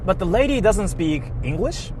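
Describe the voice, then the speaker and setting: A man telling a story in a casual vlog, animated and full of filler words. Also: high voice, normal speed, noisy background. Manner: animated, heavy use of filler "like", laughs often. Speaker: vlogger. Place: inside a car.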